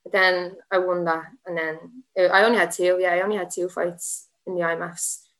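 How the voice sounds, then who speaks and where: Fast-talking young Irish woman. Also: lowish voice, level tone, fairly bright tone. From Ireland. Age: young adult. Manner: rambling, lots of "like", laughing asides. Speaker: guest, MMA fighter. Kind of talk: casual podcast storytelling.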